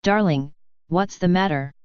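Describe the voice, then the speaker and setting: A woman's voice: fairly low pitch, a little slow, clear, resonant tone, no echo, muffled recording, lightly acted. A woman voicing a changeling queen mother, soothing yet coldly ruthless, in a fanfiction audiobook reading.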